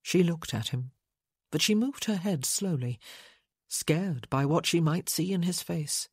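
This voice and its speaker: A woman narrating an audiobook in a measured, unhurried reading. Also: fairly low pitch, animated, a little mellow, slightly rough, no room sound, studio quality.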